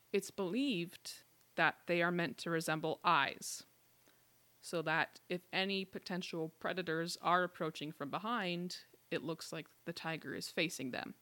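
A woman hosting a podcast, telling facts in a relaxed, explanatory way with frequent laughs. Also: on the low side. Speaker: podcast host telling the story. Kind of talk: casual chat.

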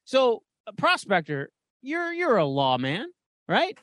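A man's voice: sits high, huge pitch swings, takes it slowly, fairly bright tone, no echo, clean studio sound. A man co-hosting a podcast, telling a story in casual chat and swearing freely. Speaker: podcast co-host.

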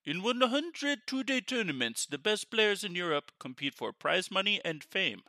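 A raised, overdone voice of a male tournament announcer with a mock Polish accent, as a man hams it up on a podcast. It sounds bright and sharp, and it stumbles a little. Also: high-pitched, very animated, normal speed, no echo, clean studio sound, pitched above the performer's own voice, full character voice. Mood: mock formal.

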